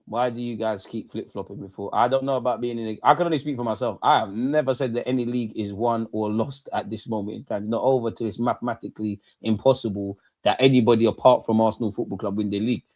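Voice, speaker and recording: A young man hosting a football watchalong, talking in animated, slangy, ranting bursts that settle into calmer match analysis. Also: fairly low pitch, quick pace, few pauses, dry recording. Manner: animated, slangy, rants then calms. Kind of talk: casual post-match reaction.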